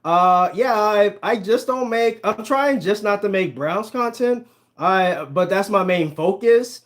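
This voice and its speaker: A man with a high-pitched voice hosts a casual live sports stream. He greets viewers, reads their comments and chats back loosely. He laughs easily between his points. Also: measured pace. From Ohio, US. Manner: chatty, addresses viewers directly, laughs often. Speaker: sports channel host. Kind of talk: casual livestream chat reading comments.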